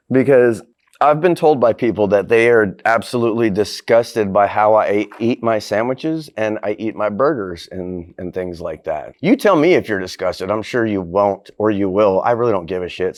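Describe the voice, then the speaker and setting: Low-voiced guy doing a crude cooking bit, swears constantly, cackles. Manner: profane, brash, laughs a lot. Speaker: host. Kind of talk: crude comedic cooking vlog.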